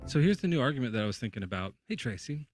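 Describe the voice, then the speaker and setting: A man's voice: mid-range voice, sing-song, racing, music in the background. A man hosting a livestream, telling a rambling, playful hypothetical full of fillers. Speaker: livestream host. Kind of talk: casual debate chat.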